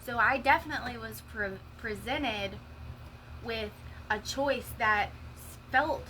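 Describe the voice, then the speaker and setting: A woman's voice: a little high, takes it slowly, bright, forceful tone, a little hiss or hum, poor audio. A woman telling her own story in a candid, emotional monologue, swearing freely. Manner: raw, profane, emotional storytelling. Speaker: vlogger sharing a personal story.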